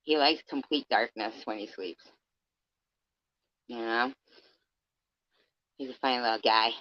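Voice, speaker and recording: A woman talks casually to her stream audience, laughing often and swearing freely. Her voice sits low and she speaks slowly. The audio is dull and dry, with no room sound. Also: no room sound. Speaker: livestreamer. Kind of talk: casual livestream chat.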